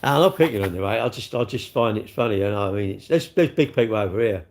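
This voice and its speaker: A man chats casually on a live stream, answering his viewers in a rambling, sarcastic way with lots of tag questions. His voice is lowish, animated and fast.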